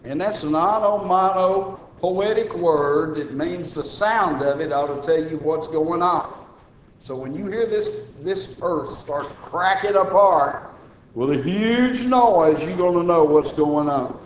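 A man preaching a sermon as church minister, folksy, with emphatic raised lines between low asides. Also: slow, reverberant, slight background noise, rough recording.

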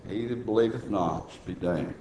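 A man preaching a sermon as church minister, folksy, with emphatic raised lines between low asides. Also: moderate pace, dark tone, roomy sound, slight background noise, low-quality recording.

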